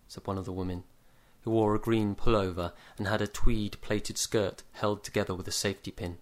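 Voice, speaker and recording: A man narrating a comic short story in a dry, measured deadpan. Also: on the low side. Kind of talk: story reading.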